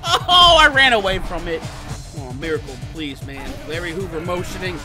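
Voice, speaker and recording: Loud, animated man commentating gameplay. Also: high voice, normal speed. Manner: animated, swings to shouting and cursing. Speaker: gaming channel host. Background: game music.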